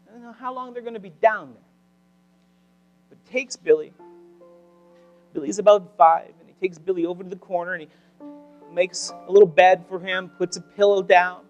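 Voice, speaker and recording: A man preaching a sermon, telling a wartime story dramatically and dropping to near whispers at tense moments. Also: high-pitched. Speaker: pastor. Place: church sanctuary.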